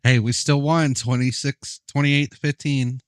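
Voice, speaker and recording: A man's voice: medium pitch, fairly even intonation, measured pace, dry recording, studio quality. A young man chatting casually while playing a football video game, laid-back, profane and often laughing. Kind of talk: casual gameplay chat.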